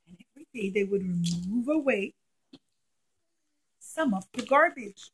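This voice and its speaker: Woman, high voice, classroom storyteller, talks to children, animated, gasps and whispers. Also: normal speed, pauses often, husky, poor audio. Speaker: teacher telling a story to children.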